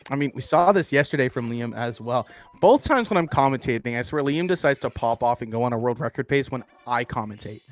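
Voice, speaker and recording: A young man commentating a live speedrun event in a chatty, relaxed way, laughing often. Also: mid-range voice, fairly quick.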